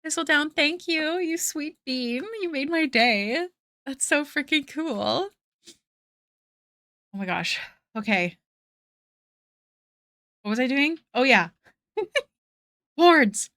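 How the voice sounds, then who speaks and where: A woman's voice: sits high, animated, slow pace, pauses often, a bit bright, no echo, clean studio sound. A young woman chatting casually on a live art stream, bubbly and self-deprecating, gushing over fan art. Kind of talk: casual live-stream chat while drawing.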